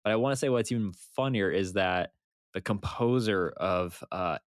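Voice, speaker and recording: A man co-hosting a casual podcast, animated and laughing often as he retells funny movie moments. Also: deep voice, normal speed, no echo, studio quality. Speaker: podcast co-host. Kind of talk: casual chat.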